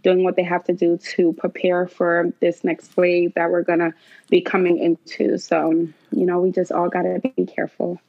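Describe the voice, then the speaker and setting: A woman's voice: fairly low pitch, completely flat delivery, normal speed, vocal fry, no room sound, muffled recording. A woman with a New York accent, a group travel curator, chatting as a guest on a podcast in a friendly, upbeat way. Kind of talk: casual podcast interview.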